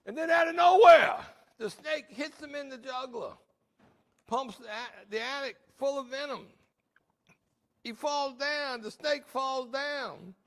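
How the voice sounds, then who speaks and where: A middle-aged man hosting a recovery meeting in a jail, telling stories in a lively, joking, plainspoken way. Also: very high-pitched, slow pace, very echoey, recorded from a distance. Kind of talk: motivational storytelling to inmates.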